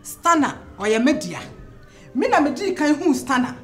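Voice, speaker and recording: A woman's voice: high voice, sing-song, normal speed, faint music behind. An actress with a Ghanaian accent playing a possessive young woman who threatens a rival in a film drama. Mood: threatening.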